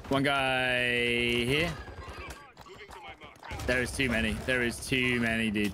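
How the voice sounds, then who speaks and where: A man chatting casually while playing a shooter with friends, excitable and jokey, making quick callouts. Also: mid-range voice, a little hiss or hum. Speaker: squad player. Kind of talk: casual gaming chat.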